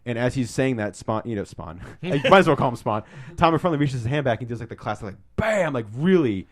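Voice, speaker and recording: A man co-hosting a podcast, telling stories in a casual, excitable way and swearing freely. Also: mid-range voice, brisk. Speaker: podcast co-host. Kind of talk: casual storytelling.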